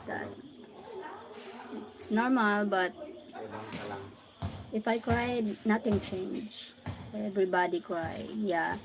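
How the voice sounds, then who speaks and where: A Filipino-accented woman hosting a casual live stream, speaking halting English mixed with Tagalog fillers. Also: medium pitch, poor audio. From Philippines.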